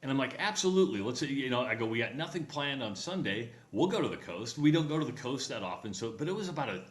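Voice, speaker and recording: A man's voice: medium pitch, lively intonation, quick pace, reverberant. A man co-hosting a radio show, telling a travel story in casual chat and acting out the voices of people he quotes. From Nebraska.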